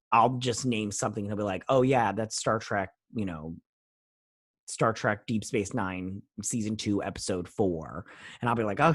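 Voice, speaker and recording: A man's voice: fairly low pitch, dry recording, studio quality. A man giving a casual, rambling spoken review of a TV episode, frustrated and full of fillers. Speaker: TV review vlogger.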